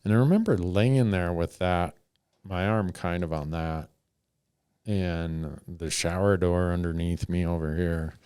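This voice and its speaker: A man's voice: deep voice, measured pace, a little mellow, clean tone, no echo, clean studio sound. A middle-aged man, a podcast host, telling a story in a laid-back, wry way. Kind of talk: casual storytelling.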